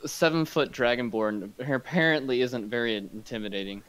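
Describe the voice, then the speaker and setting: A man's voice: medium pitch, normal speed, a bit bright, clean tone, poor audio. A man playing a tabletop game, talking casually and filling his requests with "like". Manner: casual, lots of "like". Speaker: player.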